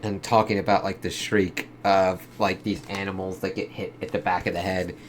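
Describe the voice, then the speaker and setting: A man's voice: deep voice, little pitch movement, normal speed, slight background noise. A man giving a casual comic book review, swearing a lot and filling his talk with "kind of" and "like.". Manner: casual, heavy swearing, lots of fillers like "kind of".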